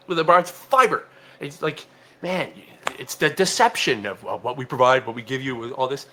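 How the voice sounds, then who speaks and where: A man's voice: on the high side, bright, forceful tone, slight background noise. A man co-hosting a casual comedy podcast, stumbling over and repeating words as he rants. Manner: halting, repeats words, ranting. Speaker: podcast co-host.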